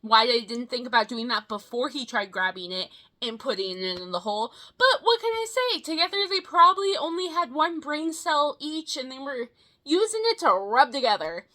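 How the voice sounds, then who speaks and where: A young woman in her twenties tells stories from her past in a casual, animated way. Her voice sits high and swoops all over, bright and sharp, and she swears freely and fills gaps with "um" and "like". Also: normal speed. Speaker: vlogger. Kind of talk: casual storytelling.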